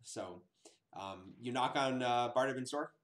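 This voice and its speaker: A man's voice: medium pitch, measured pace. Joking man running a tabletop game. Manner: joking, laughs often. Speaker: game master. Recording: echoey room, faint hiss.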